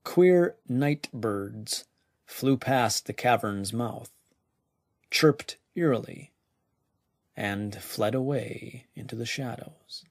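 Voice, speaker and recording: A man narrating a weird tale slowly and deliberately, his voice dropping now and then to a hushed near-whisper. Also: medium pitch, no room sound, clean studio sound. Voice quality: gravelly. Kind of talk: slow scripted story narration.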